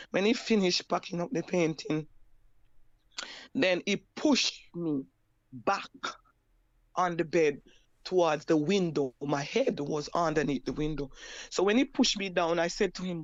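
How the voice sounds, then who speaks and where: A Jamaican woman giving a personal testimony, halting and repeating her words as she recounts. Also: on the low side, no echo, highs cut off. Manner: halting, repeats words and restarts, plain broken grammar. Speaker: survivor sharing her story.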